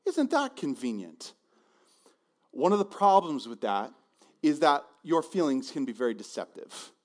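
High-voiced, animated preacher man. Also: moderate pace. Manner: animated, conversational, repeats words. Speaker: pastor. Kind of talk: sermon.

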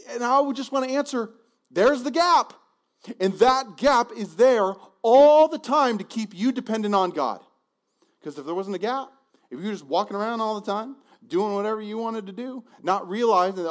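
A male pastor preaching a sermon in a conversational, animated way, often repeating words as he goes. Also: high-pitched, normal speed.

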